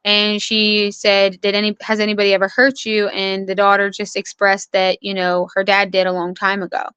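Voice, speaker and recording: A young woman speaks as an interview guest, earnestly walking through what happened and quoting the people involved. Her voice is bright and smooth, held in a narrow, even pitch range. The sound is dry and close. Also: moderate pace, no echo. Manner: earnest, recounts events with quoted dialogue. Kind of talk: personal account in conversation.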